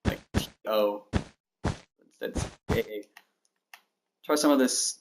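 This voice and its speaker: A man's voice: lowish voice, slow, background noise. Rambling streamer man, clicks behind. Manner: rambling, self-deprecating, thinking aloud while counting blocks. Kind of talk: casual livestream chat while building in a game. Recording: steady mouse and keyboard clicks behind.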